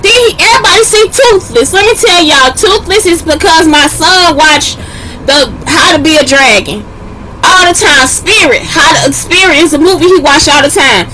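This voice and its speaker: A woman in a heated, profane rant aimed at her viewers, swearing constantly, at times shouting and close to tears. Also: very high-pitched, animated, normal speed, slight background noise.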